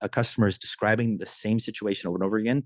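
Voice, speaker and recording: Racing through a story, a man with a lowish voice gives a motivational business training talk. Restarts and repeated words pepper his lively, enthusiastic delivery, with no echo.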